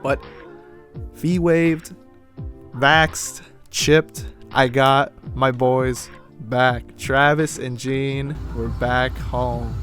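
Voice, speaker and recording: A young man telling a personal story in a rambling, casual way, full of "like" and "you know", moving between glum and excited. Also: mid-range voice, drawn-out words, faint music behind. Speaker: vlogger.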